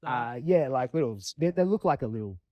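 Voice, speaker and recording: A man's voice: medium pitch, brisk, dry recording. An Australian man, a dog trainer, chatting casually on a podcast and telling stories with acted-out voices. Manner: animated storyteller, acts out voices.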